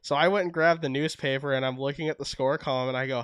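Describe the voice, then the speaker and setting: A man's voice: medium pitch, fast, hardly any pauses, clear, resonant tone, no echo, clean studio sound. A young Canadian man co-hosting a podcast, telling stories in casual chat and acting out the quotes. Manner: animated storytelling, acts out quotes. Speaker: podcast co-host.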